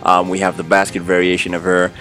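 A man's voice: sits low, completely flat delivery, fast, fairly bright tone. A man hosting an unboxing vlog, gushing and effusive, tacking "man" onto his lines. When he gets thrilled he stammers and repeats himself. Faint music plays behind him. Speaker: unboxing channel host.

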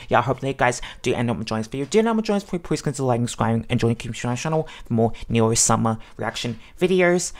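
Very low-voiced rambling woman reactor. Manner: rambling, heavy "like" fillers. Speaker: reaction video host. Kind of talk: casual reaction commentary.

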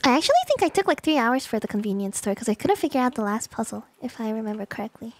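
Chatty high-voiced young woman streamer. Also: big pitch swings, quick pace. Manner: chatty, jumpy, easily startled, swears when panicked. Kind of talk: casual game stream chat. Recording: clear game music behind voice. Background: game music.

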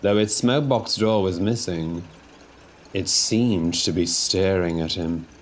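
A man doing scripted storybook narration in a measured, storytelling manner. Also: low-pitched, a little hiss or hum. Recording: narration over music.

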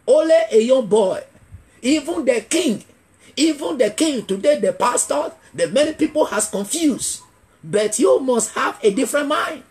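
A man's voice: very high voice, expressive, measured pace. Male evangelist preaching emphatically. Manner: call-and-response questioning, repeating key phrases; emphatic, builds to shouting. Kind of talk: revival sermon.

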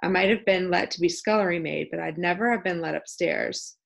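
A woman puts on a sturdy young housemaid with a thick Yorkshire accent, frank and unruffled. She talks plainly and at length, in a low voice with a gravelly edge. This is a storybook reading. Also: a little fast. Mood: chatty. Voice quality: homely dialect, stout and plain-spoken. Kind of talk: audiobook character voice.

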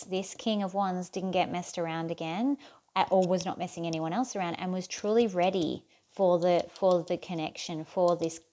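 A woman giving a casual tarot reading, chatty and thinking aloud with fillers and restarts. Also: on the low side. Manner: asks the cards softly, near-whispered. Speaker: tarot reader.

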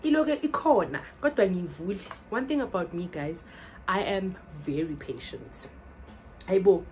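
A young South African woman vlogging casually, excitable and laughing often as she mixes English and Zulu. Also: medium pitch, moderate pace, background noise. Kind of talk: casual vlog chat.

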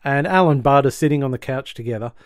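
A man hosting a podcast, who recaps a sitcom episode in a casual, animated way and acts out the quotes. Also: mid-range voice, fast, no room sound, clean studio sound. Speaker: podcast host. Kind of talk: casual chat.

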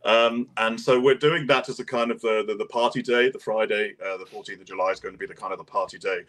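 A man's voice: fairly low pitch, fairly even intonation, quick pace, fairly bright tone. A man explaining event plans in a casual panel chat, rambling with many fillers and restarts. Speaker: event organizer guest.

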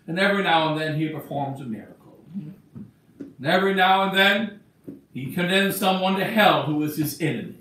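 High, echoing preaching bishop. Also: male voice, lively intonation, normal speed, bright, forceful tone, a little hiss or hum. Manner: emphatic preaching, voices Christ's words in quotes. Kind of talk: sermon. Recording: echoey church from far off.

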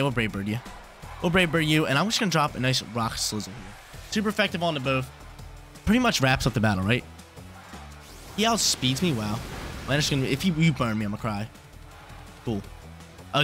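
A young man giving excitable live commentary on his own game, talking to himself and repeating phrases. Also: mid-range voice. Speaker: gaming YouTuber.

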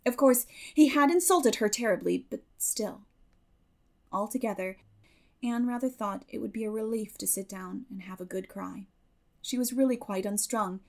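A woman narrating a classic novel as an audiobook, telling it in a measured, expressive way. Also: medium pitch, gravelly. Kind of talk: scripted narration.

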